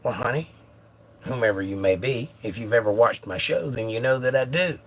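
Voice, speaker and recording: A man's voice: medium pitch, normal speed. A man hosting a casual phone livestream, chatting and reading viewer comments aloud with a joking manner. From United States. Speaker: livestream host.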